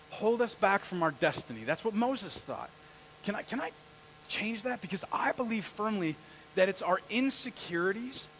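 A man's voice: high voice, fairly bright tone, slight background noise, rough recording. A male pastor preaching a conversational sermon in a church and asking the congregation questions as he goes.

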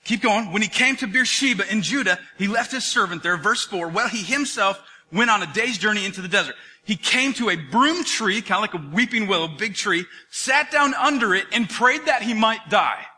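A male pastor delivers a lively sermon, retelling the story with acted-out voices. His high voice rings bright and forceful, with a breathy edge and a moderate pace, swinging from near-shouts down to low, hushed asides.

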